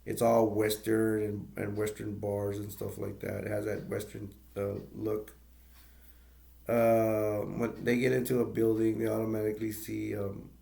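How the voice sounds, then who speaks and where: A man's voice: on the low side, gravelly, dark tone. A man casually retelling a movie's plot as a reviewer, rambling with many fillers, restarts and brief laughs.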